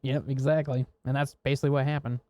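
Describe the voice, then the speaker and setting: This American man co-hosts a podcast, speaking quickly in a warm, medium-pitched voice with little pitch movement. The recording has no echo as he casually rambles through work stories, laughing and cursing along the way.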